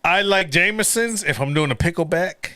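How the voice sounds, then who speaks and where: A man hosting a casual live podcast chat, rambling and profane and quick to laugh. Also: sits high, pushed and bright, dry recording. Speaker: podcast host.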